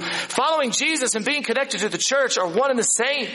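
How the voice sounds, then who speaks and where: High, bright-voiced preaching man. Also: fairly quick, hardly any pauses, slight background noise. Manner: animated, emphatic preaching with rhetorical questions and repetition. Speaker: pastor. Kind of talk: sermon.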